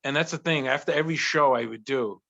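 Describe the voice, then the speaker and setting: A man in his forties from Providence, a guest telling stories in an eager, animated casual chat. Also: medium pitch, fast talker, creaky, muffled recording. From Providence, Rhode Island. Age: 40s. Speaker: guest actor and writer.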